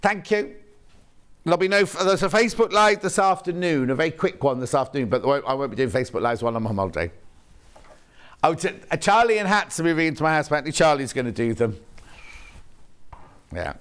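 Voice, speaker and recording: Man, somewhat high voice, shopping channel host, chatty, rambling, self-correcting, studio. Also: lively intonation, quick pace, pauses often, fairly bright tone, smooth. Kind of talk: live sales presenting, reading viewer messages.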